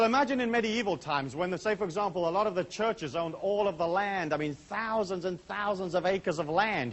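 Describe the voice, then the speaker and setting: A middle-aged man talks to a small seminar audience at a quick clip. His voice sits a bit high, and his delivery is chatty and full of asides. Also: fairly bright tone. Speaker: seminar speaker. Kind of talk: talk to a live audience.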